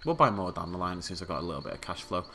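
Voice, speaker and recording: A man's voice: low voice, expressive, racing, pushed and bright, slight background noise. A man hosting a video game let's play, giving casual, playful commentary and chatting to the characters on screen.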